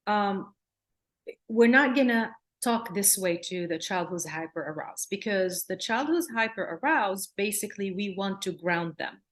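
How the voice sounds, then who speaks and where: A woman's voice: mid-range voice, lively intonation, a little slow. Woman giving an earnest workshop lecture. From Palestine, raised in Jordan. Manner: earnest, repeats words, acts out gentle soothing phrases. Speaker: clinical psychologist presenter.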